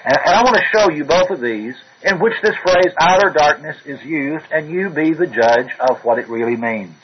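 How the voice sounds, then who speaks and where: A man delivers a sermon, his voice a little on the high side and rising emphatically whenever he reads scripture aloud. The recording sounds dull and lo-fi, like an old radio broadcast, with a faint hiss underneath. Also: expressive, moderate pace. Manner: emphatic, rises when reading scripture aloud. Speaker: preacher.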